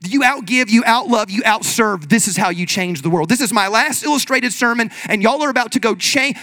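A man preaching a sermon in an energetic, conversational way, leading the congregation in call-and-response. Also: sits high. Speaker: pastor.

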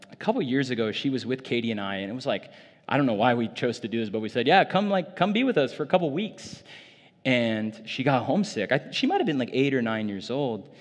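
A man's voice: mid-range voice, big-room sound. A man preaching a sermon in a loose, conversational way, full of casual fillers, in a church. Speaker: pastor.

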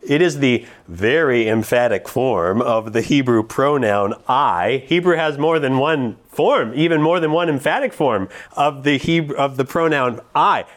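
A man preaches a sermon, reading scripture slowly and emphatically before explaining it to the congregation. His voice is medium in pitch.

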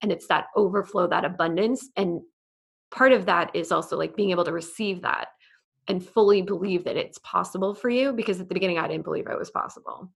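A woman from New York with a New York accent and a slight lisp, a podcast guest telling stories in a chatty, animated way. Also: on the low side, fairly quick, vocal fry, husky. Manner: chatty, animated storytelling with lots of "like". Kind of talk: casual interview chat.

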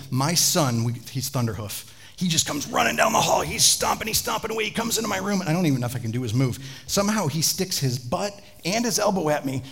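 A man, a pastor, preaching a sermon with animated storytelling and chatty asides to the congregation. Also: fairly high pitch, breathy edge.

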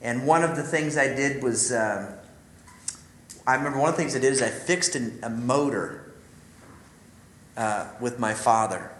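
A man's voice: medium pitch, normal speed, long pauses, fairly bright tone, reverberant, low-quality recording. A man giving an earnest, confiding talk to a group of men, telling a personal story and speaking directly to his listeners. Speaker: ministry speaker.

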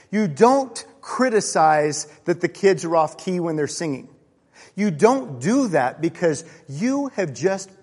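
A man's voice: a little high, big-room sound. A middle-aged man preaching a sermon, earnest and personal, telling stories and reading scripture aloud. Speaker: pastor.

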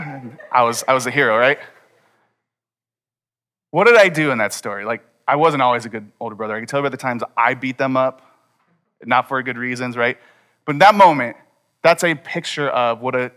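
A man preaching a sermon, telling a personal story and acting out the dialogue with lively energy. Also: on the high side. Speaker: pastor.

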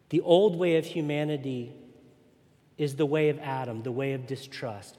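A man's voice: mid-range voice, moderate pace, mellow. A man preaching a sermon as pastor, earnest and emphatic. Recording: long reverb in a large hall.

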